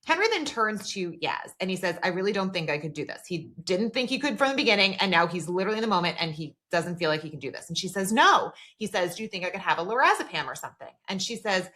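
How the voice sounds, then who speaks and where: A woman's voice: on the low side, animated, fast talker, hardly any pauses, fairly bright tone. A woman co-hosting a podcast, retelling TV scenes in casual chat, quoting characters and using a lot of filler words. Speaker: podcast co-host.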